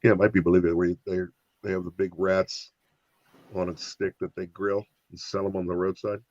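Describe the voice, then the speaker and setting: A man co-hosting a live stream, telling a long joke in an animated, casual way. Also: deep voice, fairly quick, no echo. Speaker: stream co-host. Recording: dull dry lo-fi mic.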